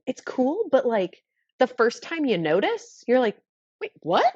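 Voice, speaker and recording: A chatty woman guesting on a podcast, her pitch swinging up and down as she talks. She fills her talk with quick jokes and "like"s. Her voice comes through dull and a bit lo-fi, with a dry sound. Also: sing-song, darkish tone, dry recording. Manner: chatty, quick joking asides, many "like"s. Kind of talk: casual chat.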